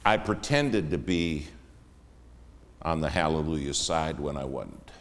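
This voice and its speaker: A man preaching a sermon as a guest in a church, emphatic, swinging between hushed and raised lines. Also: very deep voice, lively intonation, a little slow. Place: church sanctuary. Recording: long reverb of a church hall.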